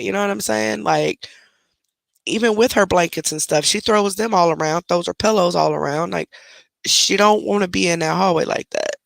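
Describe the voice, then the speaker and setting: Gravelly low-voiced woman chatting on a stream. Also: dry recording. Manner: chatty, keeps breaking off to scold her dog. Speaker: livestream host. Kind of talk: casual live-stream chat. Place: at home, indoors. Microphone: desk microphone close up.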